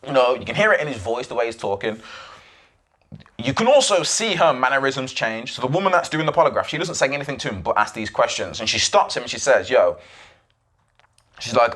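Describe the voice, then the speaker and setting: A man's voice: mid-range voice, normal speed. A man hosting a podcast, casually retelling a documentary with swearing and acted-out quotes. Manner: animated, swearing, acts out quoted voices. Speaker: podcast host.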